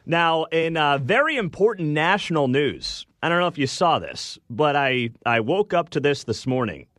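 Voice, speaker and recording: A man's voice: fairly high pitch, big pitch swings, normal speed, fairly bright tone, dry recording. A young man hosting morning talk radio, chatty and sarcastic, speaking into a studio microphone. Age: young adult. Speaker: radio talk show host.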